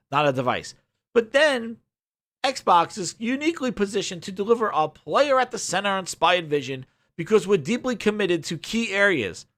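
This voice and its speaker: A man streaming games, ranting and sarcastic as he reads a web page aloud, muttering low over the text and swearing when he gets worked up. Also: fairly bright tone. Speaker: gaming streamer. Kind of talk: ranting commentary while reading a web page.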